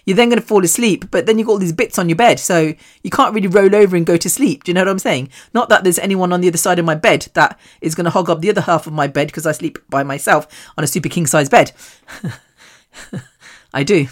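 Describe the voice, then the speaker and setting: A British woman hosts a solo podcast and talks straight to her listeners. Her voice sits on the low side for a woman. She rambles candidly, mocks herself and swears in passing. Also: fast talker. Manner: chatty, rambling and self-mocking, swears casually. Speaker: podcast host.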